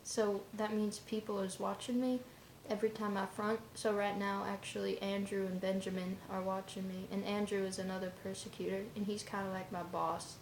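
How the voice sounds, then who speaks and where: A woman with a gravelly, creaky voice that stays flat in pitch, talking straight to camera in a casual vlog. She rambles offhandedly in loose run-on asides. The room around her sounds roomy and echoey. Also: normal speed, few pauses, a little hiss or hum.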